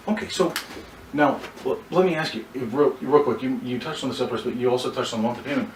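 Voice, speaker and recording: A man's voice: medium pitch, fast talker. A man coaching car salespeople, acting out short bits of dialogue and often restarting his sentences. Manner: coaching, role-plays dialogue, frequent restarts. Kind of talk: sales training talk. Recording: echoey room from far off, faint background noise.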